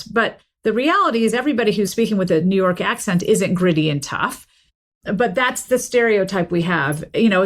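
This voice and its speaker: Middle-aged woman from the South, academic guest, fluent and explanatory, mid-range voice. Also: medium pitch. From American South. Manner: articulate, explanatory, steady flow. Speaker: linguistics professor and author, guest. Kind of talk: casual interview talk.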